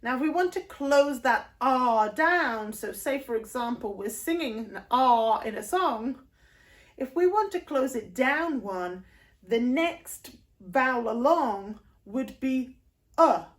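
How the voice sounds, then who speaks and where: A woman's voice: high voice, animated, slow. A woman with a northern English accent, teaching singing in a video lesson and patiently explaining vowel shapes with short demonstrations. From northern England. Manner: patient, explanatory, breaks into sung vowel demos.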